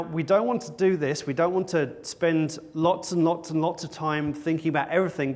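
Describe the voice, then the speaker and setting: A man giving a conference talk to an audience, wry and joking at his own expense. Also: fairly high pitch. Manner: wry, with self-mocking jokes. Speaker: conference speaker. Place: conference stage before an audience.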